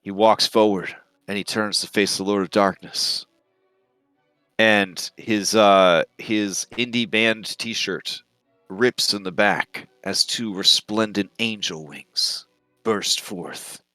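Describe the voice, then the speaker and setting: A man narrating a tabletop game as game master, telling the story in a relaxed way with frequent fillers. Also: on the low side, slow, dry recording, soft background music.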